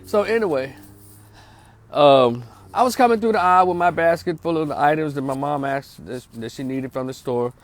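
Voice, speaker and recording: A man's voice: fairly high pitch, moderate pace, no room sound. Slangy middle-aged man. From North Memphis, Tennessee. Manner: slangy, streetwise, asks listeners for agreement. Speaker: social worker and vlogger. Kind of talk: casual storytelling monologue turning to preaching.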